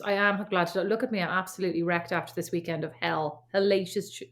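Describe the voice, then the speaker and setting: A woman's voice: on the low side, fairly even intonation, quick pace, a bit bright. A middle-aged Irish woman co-hosting a podcast, chatting casually, teasing and telling stories. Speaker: podcast co-host. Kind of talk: casual chat. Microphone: remote recording setup.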